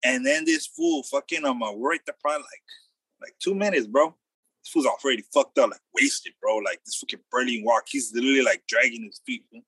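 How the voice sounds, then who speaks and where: A young man telling a wild story in loose, slangy casual chat, acting out the quotes loudly. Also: mid-range voice, fairly quick, slightly rough, no echo.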